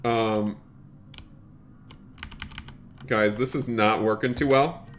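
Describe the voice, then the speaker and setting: A man's voice: lowish voice, fairly even intonation, a little slow, slight background noise. A man live-streaming a game, chatty, thanking viewers by name and talking to "you guys" a lot. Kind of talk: live-streamed gameplay commentary.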